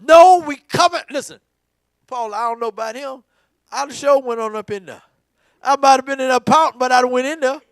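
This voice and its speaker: A man preaching a sermon in church, swinging from hushed talk to shouting, repeating words for emphasis. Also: extremely high pitch, moderate pace, clear, resonant tone, no room sound. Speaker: pastor. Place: church sanctuary.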